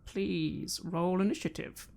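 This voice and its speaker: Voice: medium pitch, steady tone, vocal fry, a little mellow, a little hiss or hum. A game master narrating scenes and asking players what they do. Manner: descriptive, measured narration.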